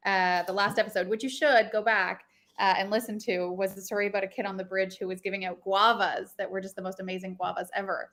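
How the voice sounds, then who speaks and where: A woman hosts a webinar in a casual, conversational way. She reacts openly and warmly to her guest, easily moved by what she hears. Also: medium pitch. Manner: warm, responsive, easily moved. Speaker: webinar host.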